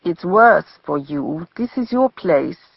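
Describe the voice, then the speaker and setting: A woman's voice: fairly low pitch, animated, slow, gravelly, slightly rough, no room sound, lo-fi sound, full character voice. A woman voicing a kind, practical young German woman.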